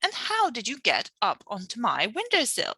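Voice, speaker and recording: A woman's voice: on the high side, huge pitch swings, moderate pace, bright, forceful tone, breathy edge, no echo, voice pushed up, exaggerated voice. A woman reading a storybook aloud and voicing an elderly Queen with a posh British accent and anguished, pleading cries. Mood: wondering. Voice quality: posh, plummy.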